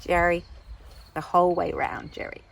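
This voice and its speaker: A woman's voice: lowish voice, steady tone, moderate pace, gravelly, pitched below the performer's own voice. An Englishwoman putting on a brash American lady. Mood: insistent. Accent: put-on American. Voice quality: brash, pushy, repeats the listener's name. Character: brash loud American woman, economy-obsessed and over-caffeinated. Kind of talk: comedy improv podcast bit.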